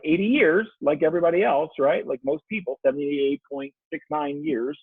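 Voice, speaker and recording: A man talking as a coaching guest on a podcast, calm and explanatory, restating ideas in plain terms. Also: fairly high pitch, husky, no echo. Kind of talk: casual conversation. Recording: tinny phone-like call line.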